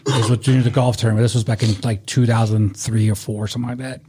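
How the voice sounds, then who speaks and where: A man's voice: mid-range voice, level tone, quick pace, background noise. A man telling a long story in a casual chat, rambling, swearing and laughing as he goes.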